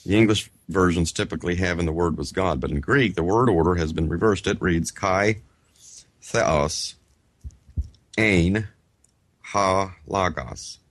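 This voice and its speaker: A man co-hosting a Bible Greek study show. He reads from a grammar textbook in measured phrases, sounds out Greek words slowly, and breaks off into chatty asides. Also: low-pitched, no echo. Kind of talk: reading a grammar textbook aloud and explaining it.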